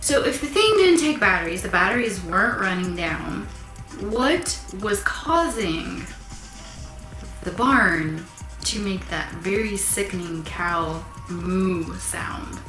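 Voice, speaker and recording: A woman's voice: mid-range voice, takes it slowly, faint music behind. Chatty woman in an echoey room. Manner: animated, chatty, asks the viewers questions. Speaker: vlogger. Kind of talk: casual storytelling.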